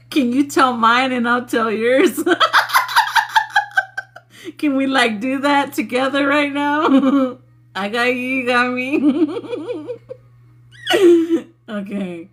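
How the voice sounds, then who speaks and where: Speaking slowly with long pauses, a young adult woman with a high, fairly bright voice runs a spiritual livestream. She talks casually with viewers, laughs nonstop, and is giggly and profane.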